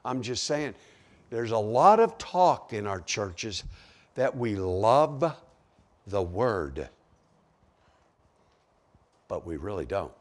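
A man's voice: lowish voice, very animated, takes it slowly, long pauses. A man preaching a sermon to a congregation, asking rhetorical questions as he goes. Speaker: pastor.

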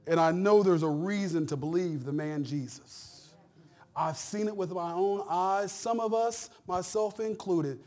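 High-voiced middle-aged preacher, folksy and emphatic. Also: male voice, a little slow. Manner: folksy, conversational preaching that swings between hushed and loud; repeats phrases for emphasis. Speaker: pastor. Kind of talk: sermon.

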